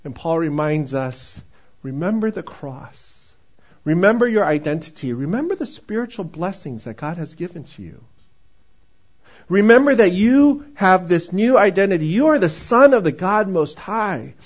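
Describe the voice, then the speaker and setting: A man's voice: high-pitched, big pitch swings, normal speed, breathy edge. A male pastor preaching a sermon in a conversational style and joking with the congregation. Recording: dull, muffled recording.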